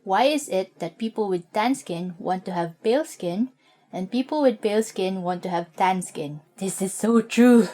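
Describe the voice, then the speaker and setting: A young woman with a Filipino accent, teaching vocabulary in a relaxed, chatty way, often saying "like". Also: medium pitch, moderate pace. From Philippines. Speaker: language teacher. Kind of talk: casual vocabulary lesson.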